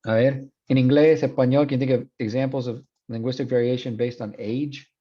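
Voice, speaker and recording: A man's voice: mid-range voice, steady tone, a little fast, husky, lo-fi sound. A man in his thirties teaching a university class, switching between Spanish and English with frequent restarts. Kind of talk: classroom lecture.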